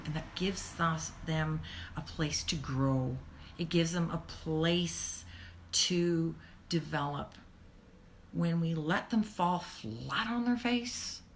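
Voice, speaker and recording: Her voice on the low side, a middle-aged woman hosts an informal, uplifting session on raising kids. She's expressive, at times lowering to a near-whisper for effect, while a slight hiss or hum runs underneath.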